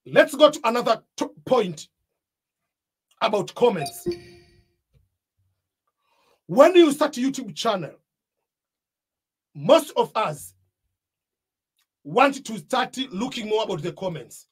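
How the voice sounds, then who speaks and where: A man's voice: high voice, sing-song, takes it slowly, pauses often, slightly rough. A man with an East African accent giving a motivational talk about starting a YouTube channel, stressing his points and repeating them. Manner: emphatic, repeats key points. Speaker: YouTube coach.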